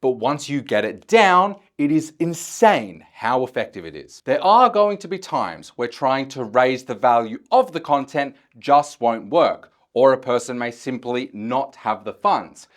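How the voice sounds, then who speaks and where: A man teaching a step-by-step method in a blunt, casual way, with the odd swear word. His voice sits at an ordinary pitch but rises and falls a great deal as he explains. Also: big pitch swings, unhurried, few pauses, a bit bright. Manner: acts out sample chat messages in a shy voice. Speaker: OnlyFans chatting coach. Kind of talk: instructional explainer.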